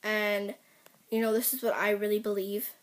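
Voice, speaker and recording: A woman's voice: mid-range voice, little pitch movement, moderate pace, slight background noise. A teenage girl venting to her camera in a rambling, upset way, full of fillers. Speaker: vlogger. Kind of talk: personal rant to camera.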